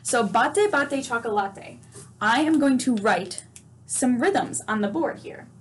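A woman with a high voice leads a children's music lesson, speaking slowly and patiently. She encourages the class with questions and sings or chants short examples. Faint noise sits behind her. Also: expressive. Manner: sings note names and chants. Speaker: music teacher.

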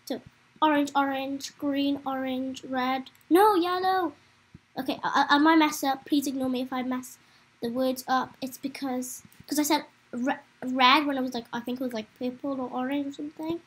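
A chatty young woman giving rambling, excitable commentary while she plays a game. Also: sits high, normal speed, husky, poor audio. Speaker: gameplay commentator. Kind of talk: casual let's-play commentary.

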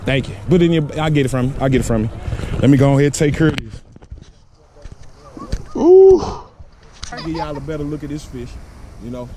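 A man casually vlogging his fishing, excitable and slangy, often repeating himself. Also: medium pitch, racing, slight background noise. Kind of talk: casual on-camera fishing vlog. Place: outdoors on a city riverbank.

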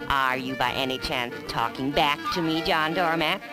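A woman's voice: low voice, normal speed, lightly acted, low-quality recording. A woman voicing a nagging middle-aged housewife in a cartoon, scolding her husband and repeating his full name. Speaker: cartoon voice actor. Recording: old 16mm film soundtrack with music.

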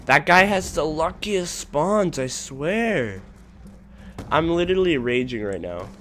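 A young man giving casual commentary over his own gameplay, excitable and trash-talking, swinging between low mumbles and sudden shouts. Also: slow pace, slight background noise. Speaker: gaming channel host.

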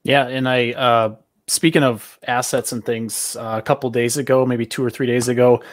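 A man hosts a podcast in a relaxed, chatty way, with a few fillers. His voice sits at a middle pitch and is recorded dry, with little room sound. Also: moderate pace, no room sound. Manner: casual, filler-heavy, upbeat wrap-up. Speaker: podcast host. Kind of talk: podcast interview.

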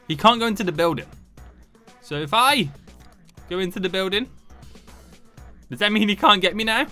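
Animated gaming commentator. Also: male voice, high voice. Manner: animated, shouts and talks to himself while playing. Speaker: gaming YouTuber. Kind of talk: excited gameplay commentary.

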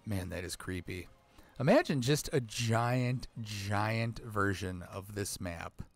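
A man's voice: on the low side, expressive, slow, no echo. A man who is a gaming dad, giving profane, grumbling let's play commentary on a video game. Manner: swears a lot, grumbles at the game. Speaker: gamer dad.

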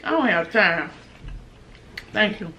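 A woman's voice: mid-range voice, animated, takes it slowly, pushed and bright, dull audio, slight background noise. A young woman hosting a casual eating vlog, teasing and talking between bites. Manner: loose, teasing, talks while eating, drawls. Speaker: mukbang channel host.

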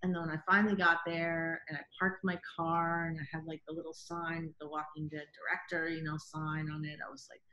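A woman telling a story in casual chat, animated, acting out quotes and filling with "like". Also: low voice, brisk, hardly any pauses, roomy sound, muffled recording. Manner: animated, acts out quotes, says "like" often. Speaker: guest director.

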